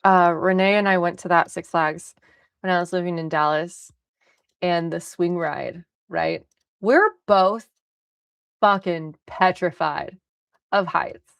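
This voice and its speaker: Gravelly young woman streamer, chatty. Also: lowish voice, takes it slowly, pauses often, no room sound, clean studio sound. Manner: animated, laughs often, swears freely. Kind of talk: casual storytelling on a livestream.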